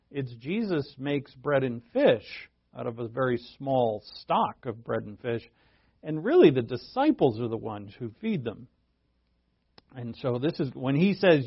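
A man's voice: mid-range voice, gravelly, slightly rough, no echo, highs cut off. A male preacher teaching a sermon verse by verse, in a conversational way that thinks aloud and asks rhetorical questions.

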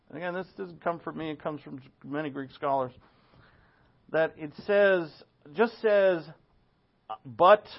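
Man preaching a lo-fi sermon. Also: fairly high pitch. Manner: expository preaching with asides and rhetorical questions. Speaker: pastor. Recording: dull lo-fi sound.

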